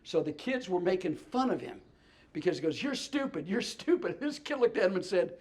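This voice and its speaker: A man with a notably high voice tells comic stories as a talk show guest. He stammers through restarts and laughs at his own punchlines. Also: sing-song, a little fast, darkish tone. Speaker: comedian and guest. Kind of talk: storytelling chat.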